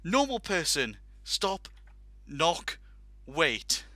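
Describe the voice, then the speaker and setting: A man's voice: on the high side, very animated, extremely slow, pushed and bright, dry recording. A man hosting a casual talk show, telling a long funny anecdote with laughs and acted-out quotes. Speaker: podcast host telling a story. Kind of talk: casual storytelling.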